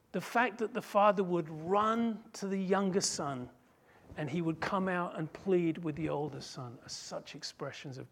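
Slow, gravelly-voiced male preacher. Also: high-pitched. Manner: slow, emphatic, dramatic storytelling. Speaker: pastor. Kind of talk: sermon.

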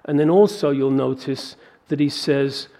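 A man preaching a sermon, working through a scripture passage with animated rhetorical questions. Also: mid-range voice, a little slow. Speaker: pastor.

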